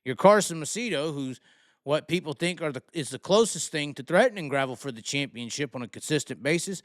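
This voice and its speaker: A man's voice: a little high, lively intonation, fairly quick, no echo, clean studio sound. A man with a Southern US accent, ranting bluntly about racing, heated and swearing freely. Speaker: racing commentator. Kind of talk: profane opinion rant.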